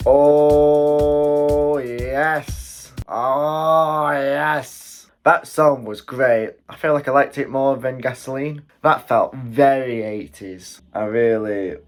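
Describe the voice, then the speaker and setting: A British man chats through a music reaction with easy excitement, breaking into quick exclamations and chuckles. His voice sits at an ordinary middle pitch. A little music plays faintly behind him. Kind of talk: casual music reaction commentary. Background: faint music playing.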